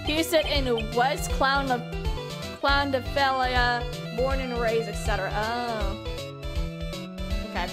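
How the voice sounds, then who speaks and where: A woman's voice: on the high side, fairly even intonation, takes it slowly. A young woman streaming a game, chatty and laughing as she talks to her chat. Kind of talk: game playthrough commentary. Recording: loud game music behind.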